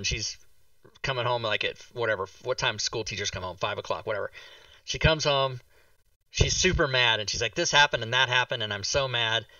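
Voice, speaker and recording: Host, male: bright, animated storyteller, dry dull mic a little off. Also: medium pitch, no room sound, distant mic. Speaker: talk show host. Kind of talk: casual livestream chat.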